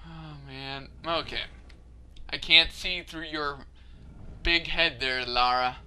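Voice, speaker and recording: A man's voice: a little high, fairly even intonation, slow pace, pauses often, bright, forceful tone, slight background noise. A man commentating his own gameplay, getting frustrated, laughing and cursing at failed jumps. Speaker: let's play gamer.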